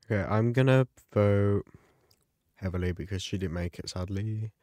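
Excitable man chatting over gameplay. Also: lowish voice, moderate pace, no room sound. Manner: chatty, excitable, gasps and yelps at the game. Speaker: gaming YouTuber. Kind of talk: casual gameplay commentary.

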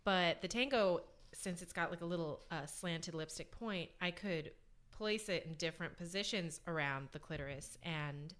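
A woman in a casual chat, relaxed and agreeable, often pausing with fillers. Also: fairly low pitch. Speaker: guest reviewer.

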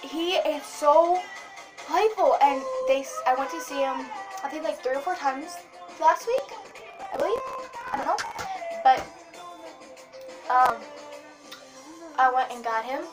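High-pitched young woman rambling on her vlog, says "like" a lot, music going behind her. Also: unhurried, long pauses. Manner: excitable, rambling, lots of "like". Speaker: vlogger. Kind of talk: casual vlog chat.

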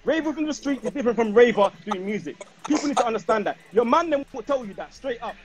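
A man's voice: very high voice, animated, quick pace, a crowd in the background. A man with a lilt, lecturing and repeating himself in a heated livestream argument.

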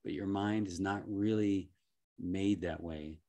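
Deep-voiced, gentle male life coach. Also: steady tone. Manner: gentle, reflective, chuckles often, halting restarts. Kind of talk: reflective motivational talk.

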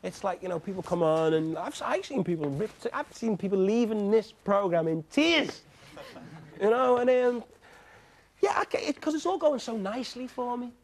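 Guy on a tv q&a, kinda high voice, gravelly, rambles w/ lots of fillers, chuckles a lot. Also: expressive, moderate pace. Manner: rambling, frequent "you know" fillers, chuckles often. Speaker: guest answering audience questions. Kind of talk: studio TV question session.

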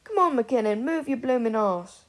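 A cocky, brash teenage schoolboy, quick with a cheeky line, read by a woman. The voice is husky and gravelly. Heard in an audiobook reading. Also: medium pitch, very animated, mellow.

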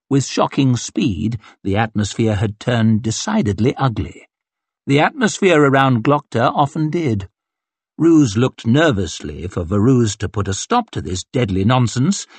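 A man narrating an audiobook in a dramatic, expressive storytelling manner. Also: lowish voice, husky, no room sound.

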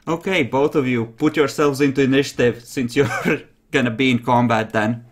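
A young man narrating a tabletop role-playing game as game master, lively and quick to laugh. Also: mid-range voice.

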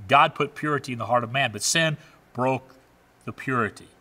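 A man's voice: medium pitch, normal speed, bright, forceful tone. A man pastor delivering a sermon with emphatic preaching, drawing out the key phrases. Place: church sanctuary. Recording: long church hall reverb.

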